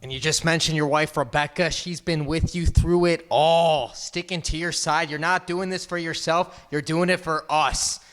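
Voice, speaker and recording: A man's voice: a little high, steady tone, normal speed, hardly any pauses, fairly bright tone, smooth. A man hosting a comedic interview at a kitchen table, playful and showy, calling himself by name in the third person. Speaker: interview host.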